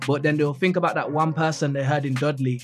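A man with a Birmingham accent tells animated stories in a casual podcast chat and acts out what others said. His voice sits fairly high. Clear music plays under his talk. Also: quick pace. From Birmingham, England. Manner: animated storytelling, acts out quotes. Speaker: guest comedian.

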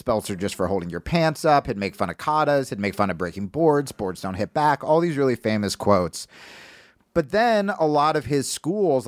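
Guest co-host, male, from New Jersey, lively storyteller who acts out quotes; mid-range voice, dry close sound. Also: medium pitch, no echo. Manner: animated storyteller who acts out what others said. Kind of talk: casual podcast chat.

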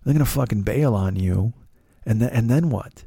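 A man's voice: fairly low pitch, moderate pace, vocal fry, mellow, breathy edge, no room sound, clean studio sound. A middle-aged man and comedian telling a rambling, profane story in a casual monologue, often restarting and repeating words. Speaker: comedian and podcast host.

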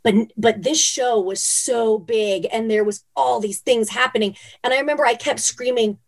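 A woman's voice: on the high side, moderate pace, creaky. A woman from Phoenix, a former dancer, telling stories as a guest in a casual interview, with lots of "like" and "you know". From Phoenix, Arizona. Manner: chatty, many "like" and "you know" fillers, animated retellings.

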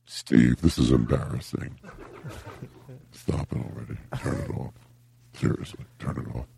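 A sludgy, ultra-deep voice-changed whiner. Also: male voice, completely flat delivery, vocal fry, slight background noise, heavily acted. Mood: pleading. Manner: slow, dragging, whiny pleading. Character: slowed, deep-voiced man mocked as falling apart. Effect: deep pitch-lowering voice changer. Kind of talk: comedy podcast bit.

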